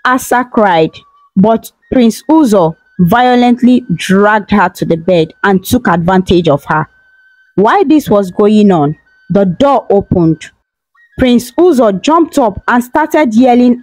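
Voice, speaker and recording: A woman's voice: medium pitch, expressive, takes it slowly, darkish tone, no room sound, soft background music, poor audio. Female folktale narrator, dramatic read, dry close mic. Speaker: storyteller. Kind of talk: scripted storybook narration.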